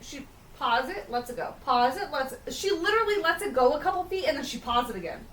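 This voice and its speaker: A woman's voice: high voice, lively intonation, quick pace, a bit bright, far from the mic. A woman co-hosting a podcast, chatting casually and animatedly, who swears freely and acts out quotes. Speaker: podcast co-host. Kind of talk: casual chat. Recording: roomy, from off-mic, faint room noise.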